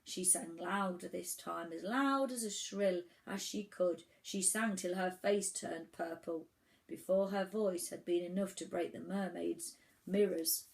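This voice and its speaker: A woman reading a children's storybook aloud, telling it in an animated way with the odd restart. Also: lowish voice, measured pace, vocal fry, poor audio. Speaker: children's book reader.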